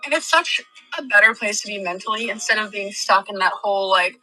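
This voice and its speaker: A woman's voice: medium pitch, fairly quick, bright, forceful tone, rough recording. A woman talking to the camera in an eager, affirming way, giving self-help advice. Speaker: online advice creator. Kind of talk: upbeat self-help talk.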